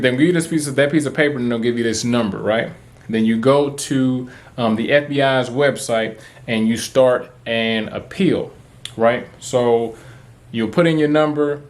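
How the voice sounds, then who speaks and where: A man, talking to camera in a casual, rambling, profane way, full of fillers. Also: mid-range voice. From Texas. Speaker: vlogger. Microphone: camera mic, talking to camera.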